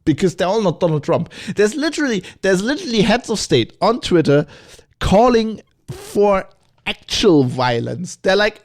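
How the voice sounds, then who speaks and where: A middle-aged man hosting a podcast, talking in a rambling, animated way with many restarts and asides. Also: high voice, normal speed. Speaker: podcast host. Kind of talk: opinionated solo podcast talk.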